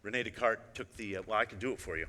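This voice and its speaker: An illusionist with a bright but lowish voice gives a fast, conversational stage presentation in a large hall. He's chatty and wry, speaking straight to the audience with frequent asides, and the recording carries a long hall reverb.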